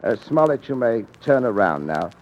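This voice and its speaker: A man playing a cold, scheming father in a radio drama, smooth and menacingly polite. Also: medium pitch, very animated, moderate pace, highs cut off, close to an everyday voice. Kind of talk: 1940s radio acting.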